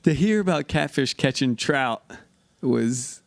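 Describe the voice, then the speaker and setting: A man's voice: medium pitch, expressive, takes it slowly, gravelly, no room sound, studio quality. A man on a casual podcast who mostly chimes in with short affirmations. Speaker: podcast co-host.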